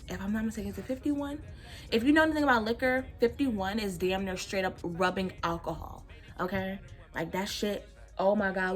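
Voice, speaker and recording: A young woman talks straight to the camera while she does her makeup. She tells a story in a loose, animated way, full of laughs and profanity. Soft music plays quietly behind her. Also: mid-range voice, moderate pace. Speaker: beauty vlogger.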